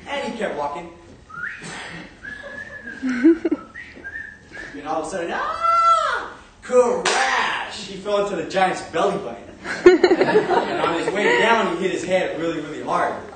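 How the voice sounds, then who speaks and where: A young man telling a comic story to a live audience, animated and often laughing. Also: high-pitched, slow pace, long pauses, very noisy. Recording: echoey room, far from mic, audience.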